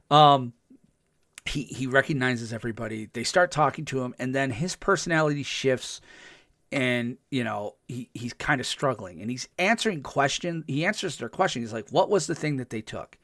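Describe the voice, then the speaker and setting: A man hosting a podcast, recapping a TV episode in a casual, excited way, full of ums and restarts and acting out the characters' lines. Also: mid-range voice, moderate pace, no echo, studio quality. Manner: chatty, with frequent ums and restarts. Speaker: podcast host.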